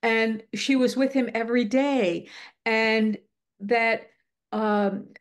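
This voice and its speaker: Middle-aged woman, earnest storyteller, slightly high voice, lively delivery with frequent restarts. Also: slow. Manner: earnest, animated storytelling with acted quotes and restarts. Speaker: guest speaker on the afterlife. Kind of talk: casual chat.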